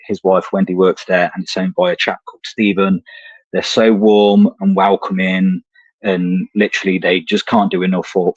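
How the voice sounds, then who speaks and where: A man talks in a low voice, rambling through anecdotes in casual podcast chat and swearing as he goes. The streamed audio sounds dull and lo-fi, and the room around him is dry. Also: darkish tone, no echo. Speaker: podcast co-host. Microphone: remote streaming call.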